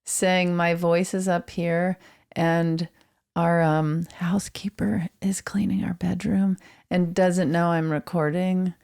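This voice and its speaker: A woman's voice: fairly low pitch, little pitch movement, slow, vocal fry, darkish tone. A woman hosting a podcast in casual chat, dry and musing in manner. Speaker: podcast co-host.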